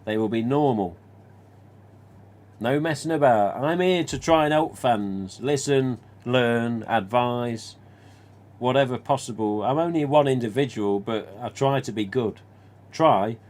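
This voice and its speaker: A man's voice: mid-range voice, a little slow, a little mellow. A man hosting a casual live stream, telling rambling stories and swearing mildly as he answers comments. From England. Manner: rambling and anecdotal, with mild swearing.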